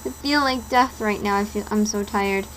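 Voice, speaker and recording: A woman voicing a frightened, emotional teenage girl who stammers and cries out in a high voice. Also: normal speed, fairly bright tone, a little hiss or hum, natural voice, rough recording. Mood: weary.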